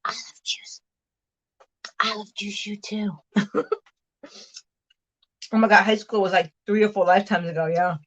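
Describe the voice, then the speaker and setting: A woman's voice: mid-range voice, fairly even intonation, normal speed, pauses often, highs cut off. A middle-aged woman hosting a casual livestream, reading viewer comments aloud and chatting while she chops vegetables, laughing often and sometimes talking with food in her mouth. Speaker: vlog host reading live chat.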